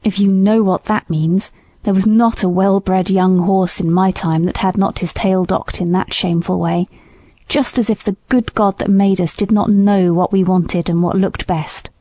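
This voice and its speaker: A woman voicing an indignant old male horse who speaks low and gravely. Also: level tone, normal speed, warm tone, dry recording, natural voice.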